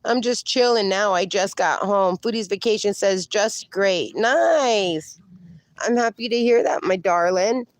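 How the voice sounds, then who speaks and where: A woman's voice: medium pitch, a little slow, no echo. Chatty woman livestreamer reading comments. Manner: chatty, reads viewer comments aloud, calls viewers darling. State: in pain, slightly strained. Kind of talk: casual livestream chat. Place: outdoors.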